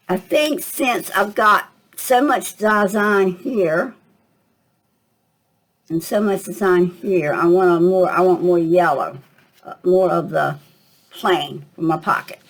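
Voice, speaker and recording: An older woman walks through a craft project at a relaxed, chatty pace. She thinks aloud with plenty of ums and small asides, and a slight cough sits in her voice. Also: lowish voice, slow pace, long pauses, poor audio. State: coughing at times. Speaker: craft tutorial host. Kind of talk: casual craft tutorial.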